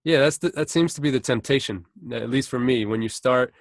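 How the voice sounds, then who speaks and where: A man's voice: mid-range voice, brisk, no room sound, clean studio sound. A man hosting an interview podcast, asking questions and agreeing attentively. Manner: attentive, agreeable, short backchannels. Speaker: podcast host. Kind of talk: casual interview.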